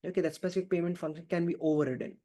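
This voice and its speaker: A man's voice: fairly high pitch, little pitch movement, rapid-fire, dark tone. A man teaching a live online programming class, answering his own questions and tagging nearly every line with "right?" and "okay?". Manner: repeats key phrases, frequent fillers. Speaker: programming instructor. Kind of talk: live online coding lesson.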